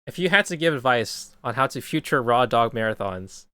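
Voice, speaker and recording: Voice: mid-range voice, animated, moderate pace, bright, forceful tone, clear, resonant tone, no room sound. A podcast co-host in casual chat who keeps the story going with short questions. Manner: asks short prompting questions.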